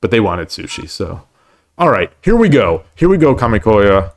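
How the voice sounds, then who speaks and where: A man's voice: on the low side, very animated, moderate pace, soft background music. Stammering man streaming a board game. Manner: rambling, stammering with many repeated words; self-deprecating about his losses. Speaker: shogi streamer. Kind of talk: live-stream commentary while playing. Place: at home.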